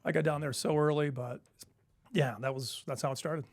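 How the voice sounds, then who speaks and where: A man's voice: on the high side, moderate pace, dry recording. A middle-aged man, a former basketball player, telling stories casually as an interview guest and acting out the voices of people he quotes. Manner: animated storyteller, acts out quoted voices. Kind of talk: casual storytelling.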